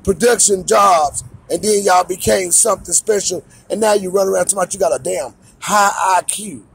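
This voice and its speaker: An American man, an adult father of a young son, rants straight to camera in a high, husky voice with vocal fry at a moderate pace. His monologue is heated, repetitive and confrontational, with faint music behind him.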